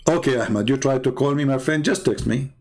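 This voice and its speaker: A man hosting a debate livestream, talking in a mocking, scornful and emphatic way, with non-native English and broken grammar, his voice slightly hoarse. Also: medium pitch, a little fast, darkish tone. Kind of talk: livestream commentary while calling viewers.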